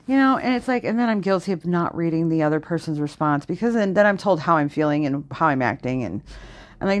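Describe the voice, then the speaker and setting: A low-pitched woman rants into a dry, close microphone on her solo podcast. She swears constantly and swings between tired sighs and sharp sarcastic jabs. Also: animated, no room sound. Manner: profane, fast-shifting, venting with heavy swearing. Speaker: podcast host. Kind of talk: unedited solo podcast rant.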